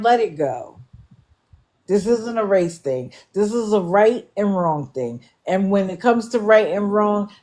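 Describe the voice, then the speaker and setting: A woman with a mellow, medium-pitched voice hosts a livestream using a live stream setup. She offers casual commentary, speaking bluntly and with exasperation to her viewers.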